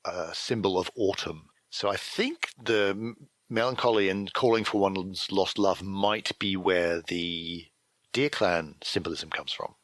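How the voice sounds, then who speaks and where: A man's voice: low voice, measured pace, fairly bright tone, no room sound. A man co-hosting a podcast, musing wryly about game fiction and acting out characters' lines for fun. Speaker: podcast co-host.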